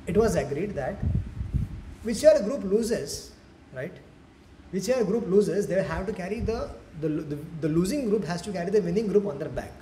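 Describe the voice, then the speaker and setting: A man's voice: high voice, normal speed. A man giving a devotional lecture in a temple hall, telling stories animatedly with frequent restarts. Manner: animated storytelling, many restarts. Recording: echoey hall, faint noise.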